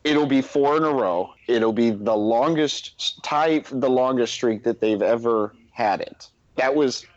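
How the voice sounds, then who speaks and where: A man co-hosting a podcast, talking sports in a casual, animated way and laughing often. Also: medium pitch, measured pace, no room sound. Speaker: podcast co-host. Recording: dry, dull lo-fi sound.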